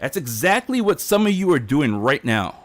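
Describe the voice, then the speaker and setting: Heated, defiant male streamer with a lively, somewhat high voice; dry, close sound. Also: moderate pace, no room sound. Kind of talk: ranting livestream monologue.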